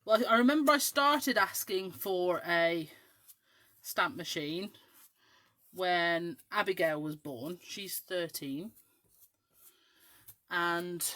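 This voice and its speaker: Hosting a crafting show, a woman in her forties from Scotland's west coast chats as she works, rambling and full of ums. She speaks with an English accent that keeps a faint Scottish twang. Her voice is fairly low and a bit bright.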